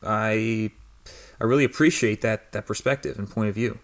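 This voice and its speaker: A man's voice: fairly low pitch, steady tone, normal speed. A man hosting a podcast, introducing and commenting on a clip in a casual, hesitant way. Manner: hesitant, many fillers and restarts. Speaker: podcast host.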